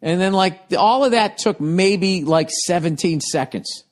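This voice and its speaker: Man, comedic storytelling, profane, animated, slightly high voice. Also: unhurried. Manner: profane, animated, swings loud and quiet. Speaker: comedian guest.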